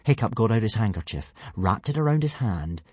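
A male narrator reads a children's adventure story with playful energy. His voice is low and slightly husky, and the pitch rises and falls in a lively way. The recording is dry and close. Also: fairly quick, dry recording. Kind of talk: audiobook narration.

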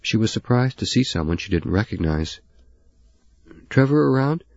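A man narrating a novel in a steady, even reading. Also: sits low, brisk, lo-fi sound. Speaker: audiobook narrator. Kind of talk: scripted narration.

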